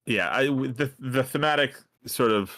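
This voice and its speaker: A man's voice: mid-range voice, moderate pace, a bit bright. A man co-hosting a casual podcast, enthusiastic and moving the talk along with questions. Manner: enthusiastic, steers the topic with questions. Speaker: podcast co-host. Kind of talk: casual chat.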